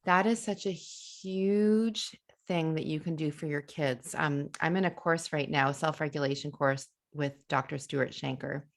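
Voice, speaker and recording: A woman's voice: sits low, a little slow, vocal fry. A woman hosting a live podcast, talking enthusiastically and emphatically about parenting and children's stress. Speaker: podcast host.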